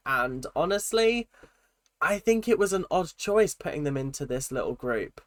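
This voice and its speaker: A man giving a casual, opinionated recap of a reality show, talking in an animated, rambling way. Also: fairly high pitch, moderate pace, no echo. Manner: chatty, animated, opinionated, with frequent restarts.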